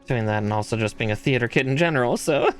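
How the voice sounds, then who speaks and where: A man's voice: mid-range voice, quick pace, faint music behind. A man chatting casually on a live stream as he builds a model kit. He laughs often and reads part numbers aloud between stories.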